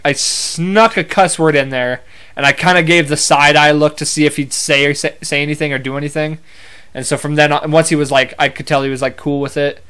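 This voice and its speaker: A young man with a clean, slightly bright voice on the high side hosts a podcast, telling casual stories in a rambling monologue. He corrects himself along the way and swears now and then.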